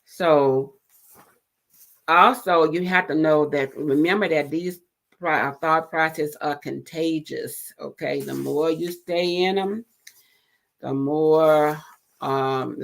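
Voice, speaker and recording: A middle-aged woman hosting an encouraging talk show, speaking gently and pausing with fillers and restarts. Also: sits low. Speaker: host.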